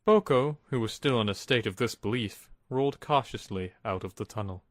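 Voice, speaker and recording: A man's voice: medium pitch, normal speed, dry recording, studio quality. A man narrating a scripted storybook with a dramatic reading style.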